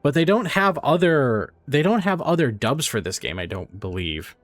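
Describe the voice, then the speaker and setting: A man's voice: mid-range voice, big pitch swings, normal speed, no room sound. A man giving casual, rambling let's play commentary, laughing and swearing as he goes. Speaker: streamer.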